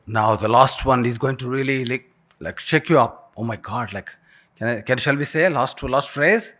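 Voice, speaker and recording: A man's voice: mid-range voice, lively intonation, moderate pace, bright, forceful tone. Man giving an inspirational keynote. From India. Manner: leads the audience in repeating phrases, with frequent restarts. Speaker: keynote speaker. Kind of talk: inspirational talk to a live audience. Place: university event hall.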